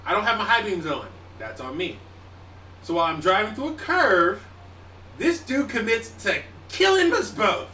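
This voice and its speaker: A man's voice: sits high, sing-song, normal speed, bright, forceful tone. A young man casually telling a story to friends on a podcast, swearing and acting out his own panic. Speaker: podcast co-host. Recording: echoey room, distant mic, faint noise.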